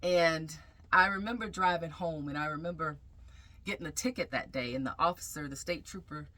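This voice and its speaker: Bright-voiced woman telling her story. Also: deep voice. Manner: reflective, halting, with frequent pauses and fillers. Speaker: vlogger sharing a personal testimony. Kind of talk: emotional personal storytelling.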